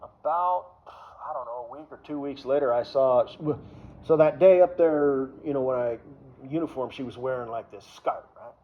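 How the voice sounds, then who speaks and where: A man's voice: medium pitch, moderate pace. A man rambling through a crude personal story, full of fillers, trailing off into mumbles. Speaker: vlogger. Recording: dull lo-fi recording.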